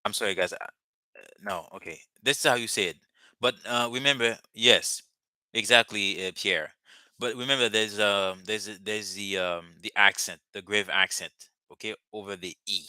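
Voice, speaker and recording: A man's voice: fairly low pitch, normal speed, pushed and bright, smooth, no echo, clean studio sound. A man teaching a live language lesson, patiently repeating words and phrases for his students.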